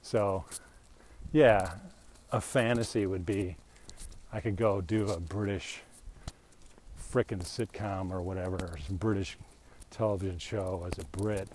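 A man's voice: low-pitched, fairly even intonation, a little slow, a little mellow, slight background noise. A middle-aged man chatting casually and opinionatedly while out on a walk, speaking into a handheld mic. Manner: opinionated, rambling, frequent laughs. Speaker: vlogger. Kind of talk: casual rant while walking. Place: outdoors on a walk.

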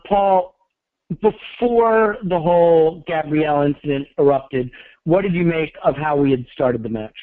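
A man hosts a podcast with wry, self-deprecating asides. His voice sits fairly high. He calls in, so he sounds tinny and phone-like, but dry. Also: no echo. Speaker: podcast host. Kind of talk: casual podcast chat.

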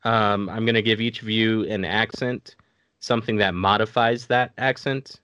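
A young man co-hosting a podcast, explaining a game in a quick, offhand, teasing way. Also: on the low side, steady tone, sharp tone, clear, resonant tone, no echo. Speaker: podcast co-host, game runner. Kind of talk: casual podcast banter. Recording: dull, lo-fi mic.

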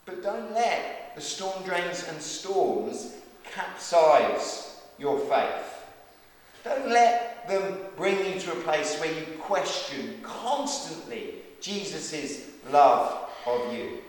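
Slow, earnest man preaching in a hall. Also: a little high, big pitch swings. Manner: earnest, emphatic preaching with repeated calls. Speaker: pastor. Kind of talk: sermon and closing prayer. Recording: echoey hall from far off.

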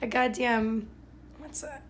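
Slow and somewhat high-voiced, a young podcast host from Ohio tells a self-deprecating, wandering story in a casual monologue, leaning on "like" and frequently correcting herself. A slight hiss or hum runs underneath.

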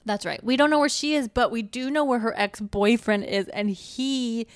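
A woman retelling a film plot in casual chat with a co-host, chatty and animated, with fillers. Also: fairly high pitch, normal speed, smooth, no echo, studio quality.

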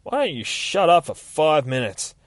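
A man's voice: on the high side, big pitch swings, moderate pace, dry recording, studio quality, pitched above the performer's own voice. A man voicing a tough, angry female sheriff who talks back sharply. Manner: sharp, confrontational.

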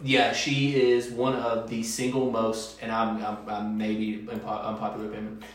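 A man's voice: on the low side, monotone, moderate pace. Opinionated man in an echoey room. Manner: opinionated, restarts sentences. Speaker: podcast co-host. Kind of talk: casual chat.

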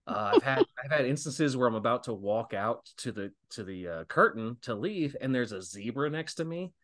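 A man in his thirties, a guest pro wrestler on a casual podcast, tells stories in an animated way, laughing often and swearing freely. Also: medium pitch, normal speed. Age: 30s.

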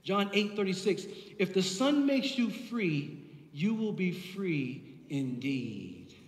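Male pastor, very high voice, passionate repetitive preaching, roomy church echo. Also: sing-song, takes it slowly. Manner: impassioned, builds with repeated phrases. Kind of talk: sermon. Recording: echoey hall from far off.

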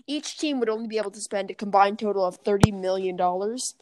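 A woman co-hosting a podcast in casual chat, chatty, often correcting herself, and quick to laugh. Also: mid-range voice, darkish tone. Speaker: podcast co-host.

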